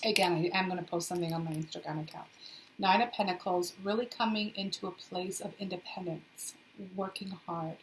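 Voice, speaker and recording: A woman's voice: lowish voice, fairly even intonation, fairly quick, a little hiss or hum, rough recording. A young woman giving a casual tarot reading to her viewers, chatty and sassy, with playful asides. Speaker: tarot reader. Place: indoors in a hot, humid city flat.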